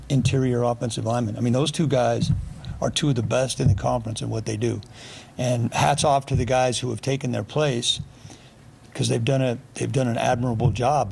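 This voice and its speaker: A middle-aged man coaching football speaks to the press with a gravelly edge. He is blunt and dry and answers with a sarcastic streak. Faint background noise hangs under his voice. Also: mid-range voice, darkish tone. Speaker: football offensive coordinator.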